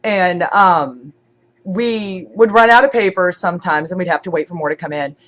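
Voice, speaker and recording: A woman's voice: lowish voice, normal speed, fairly bright tone. A congested woman streamer chatting casually, rambling with many fillers and restarts. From born in Scotland, raised in Germany. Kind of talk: casual chat.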